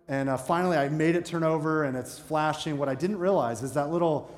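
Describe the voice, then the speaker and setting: In a church sanctuary, a pastor with a highish, darkish voice preaches briskly with hardly a pause, telling stories laced with self-mocking asides. He moves between playful and earnest, and the echoey hall leaves a long reverb.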